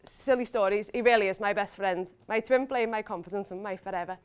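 A woman's voice: fairly high pitch, fairly quick, fairly bright tone, clean tone. A young woman giving an emotional wedding speech as the bride, laughing between lines. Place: hotel wedding reception.

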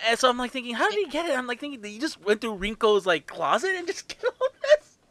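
A man co-hosting a casual review podcast, excitable and jumping high in pitch when quoting. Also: quick pace, dry recording. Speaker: podcast co-host.

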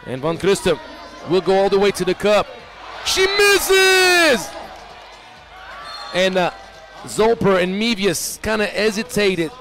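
A man giving live basketball play-by-play, excitable and rising to shouts on big plays. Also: high-pitched. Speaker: play-by-play commentator.

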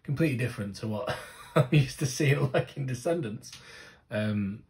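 A man, gushing and swearing freely in casual reaction commentary, breaking into loud exclamations. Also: mid-range voice, animated, normal speed. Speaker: music reaction host.

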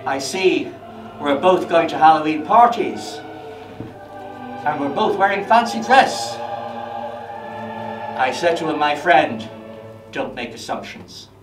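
An actor playing a dry-humoured male Grim Reaper in a stage monologue, low and wry. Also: animated, takes it slowly, pauses often. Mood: deadpan. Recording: distant echoey stage with music.

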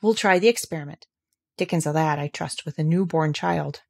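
A woman's voice: deep voice, gravelly, darkish tone, husky, dry recording, clean studio sound, heavily acted. A woman reading a cautious, hesitant male doctor. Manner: measured, hesitant. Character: cautious, slightly nervous adult male doctor.

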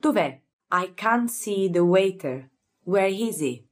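A woman's voice: medium pitch, expressive, slow. A woman with an Italian accent teaching beginner vocabulary, repeating each word and sometimes correcting herself as she explains. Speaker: language teacher.

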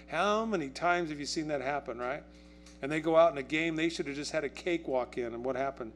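This pastor's voice is a little high and his delivery brisk as he preaches conversationally in church. He asks the congregation questions and dramatizes quotes with raised excitement, over a faint hiss or hum.

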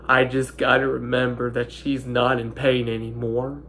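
A young man in his twenties, speaking in halting, broken sentences while holding back tears, his nose stuffy. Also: medium pitch, little pitch movement, fairly bright tone, slight background noise. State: stuffy-nosed. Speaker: vlogger. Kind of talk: emotional personal monologue.

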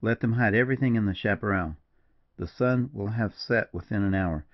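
A man voicing a grave frontier partisan major who speaks slowly and mournfully, in a dull, dry recording. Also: fairly low pitch, no room sound, natural voice. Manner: slow, mournful, measured.

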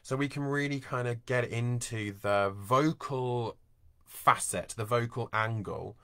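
A man's voice: mid-range voice, unhurried, fairly bright tone, no room sound, studio quality. A man, working as a voice and coach, giving an informal online teaching talk and explaining with everyday examples. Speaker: voice and accent coach.

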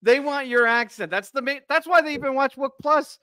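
A man hosting a casual podcast chat, animated and laughing, talking loosely with lots of fillers. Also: extremely high pitch, fairly quick, no room sound. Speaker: podcast host.

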